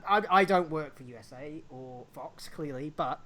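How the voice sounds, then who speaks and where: A woman co-hosting a casual live wrestling chat show, talking in an animated way and acting out little voices. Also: deep voice, normal speed, a crowd in the background. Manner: animated, acts out little voices and laughs often. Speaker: podcast co-host.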